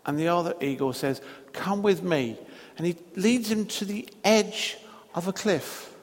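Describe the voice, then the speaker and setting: A man preaching a sermon in a church, telling a story slowly and deliberately with long pauses. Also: sits high, lively intonation, big-room sound.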